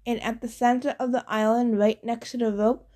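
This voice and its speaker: Woman reading an audiobook, warm voice, a bit high. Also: level tone, moderate pace. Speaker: audiobook narrator. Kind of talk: audiobook narration.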